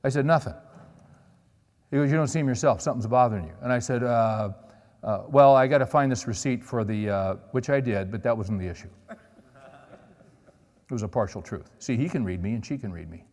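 A man's voice: mid-range voice, moderate pace, pauses often, darkish tone. Man preaching in an echoing hall. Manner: storytelling, conversational with audience check-ins. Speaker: pastor. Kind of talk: sermon. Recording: long reverb of a large hall.

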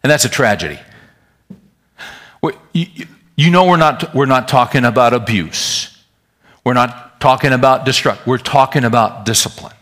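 A man preaching a sermon in a folksy, animated way, talking straight to his congregation. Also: medium pitch, normal speed, pauses often. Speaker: pastor.

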